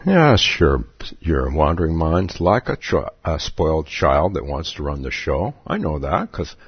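A man's voice: extremely low pitch, sing-song, a little slow, breathy edge, dry recording. A man giving a dharma talk as a Zen meditation teacher at a retreat, playful, chuckling often and repeating his questions. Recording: dull lo-fi recording.

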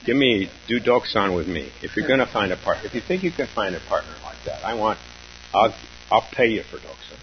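A Zen teacher gives a dharma talk, his lowish voice carrying a sing-song lilt. He speaks slowly and reflectively, halting often, pausing and laughing softly. The lo-fi recording sounds dull, with a faint hum beneath it.

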